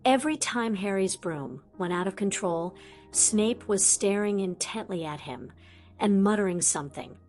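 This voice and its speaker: A woman reading a fantasy audiobook aloud in a lively storytelling manner. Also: mid-range voice, moderate pace, faint music behind. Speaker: audiobook narrator. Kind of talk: scripted audiobook narration.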